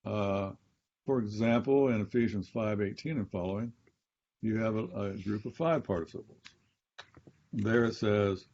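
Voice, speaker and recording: A man's voice: lowish voice, normal speed, dark tone, highs cut off. A man, a Bible scholar and professor, explaining grammar step by step in a teaching conversation and repeating key phrases.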